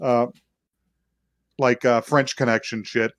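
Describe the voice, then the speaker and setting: A man of middling pitch recaps an anime episode for his podcast, with rambling and frequent laughter. He jumps into the characters' lines as he goes. His voice sounds close and dry, with no room echo. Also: steady tone, slow. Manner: rambling, laughing, acts out quotes. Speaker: podcast co-host. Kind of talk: casual anime recap chat.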